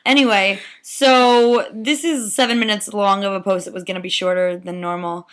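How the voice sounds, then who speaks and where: A woman's voice: mid-range voice, steady tone, normal speed, fairly bright tone, smooth. A young woman chatting casually in a video journal, enthusiastic and saying "like" a lot. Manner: enthusiastic, heavy use of "like". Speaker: vlogger on a student theater trip.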